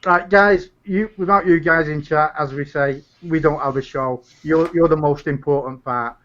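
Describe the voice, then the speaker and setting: An excitable man with a Salford accent chats on a live stream and keeps cutting in. His voice sits a little high, and the sound comes through muffled and dull from a remote mic. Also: moderate pace. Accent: Salford, England. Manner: excitable, cuts in on others. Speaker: co-host. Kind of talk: casual live-stream chat.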